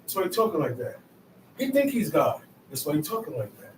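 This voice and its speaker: A man's voice: a little high, sing-song, a little fast, a little hiss or hum. A man teaching a bible study class, explaining scripture in colloquial everyday speech and checking in with "okay?". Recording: echoey room, mic far off.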